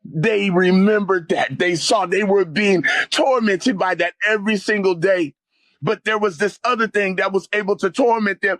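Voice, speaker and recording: A man telling an intense personal testimony as an interview guest, speaking emphatically and rising to near-shouts at dramatic moments. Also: sits high, moderate pace, no echo.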